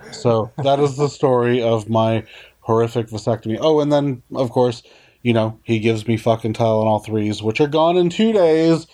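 A man's voice: medium pitch, normal speed, mellow. A man telling a blunt, profanity-laden personal story in casual conversation. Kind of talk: casual chat.

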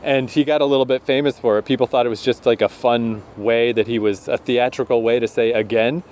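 A young Canadian man co-hosting a podcast in casual chat, animated and quick to laugh. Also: mid-range voice, a little hiss or hum. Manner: animated, laughs often, slows down to make a point. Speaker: podcast co-host.

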